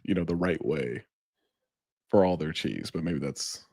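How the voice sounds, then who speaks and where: A man's voice: rumbling low, a little slow, darkish tone, dry recording, studio quality. A man with a sore throat, co-hosting a podcast in casual, rambling chat and swearing freely. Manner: loose, rambling, swears often. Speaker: podcast co-host.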